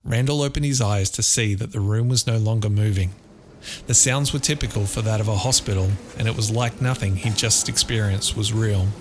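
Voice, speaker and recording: A man narrating an audiobook of a dark thriller in a measured, dramatic storytelling manner. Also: lowish voice, background noise. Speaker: author and narrator. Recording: loud guitar music underneath.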